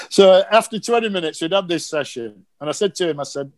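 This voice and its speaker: A middle-aged man, a former cricket coach telling lively anecdotes on a casual podcast and acting out the quotes. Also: fairly high pitch, a little fast, few pauses. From Yorkshire, England. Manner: animated anecdotes with acted quotes.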